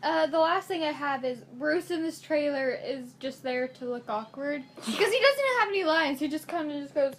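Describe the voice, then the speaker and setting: A woman's voice: sits high, lively intonation, moderate pace, hardly any pauses, fairly bright tone, slight background noise. A young woman chatting casually about a movie, playful and prone to trailing off. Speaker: movie fan co-host. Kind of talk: casual chat.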